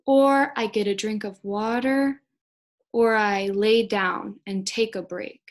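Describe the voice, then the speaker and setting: A young woman in her twenties giving a children's read-aloud lesson, speaking gently and encouragingly to young kids. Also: mid-range voice, steady tone, slow. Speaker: speech-language pathology student teacher.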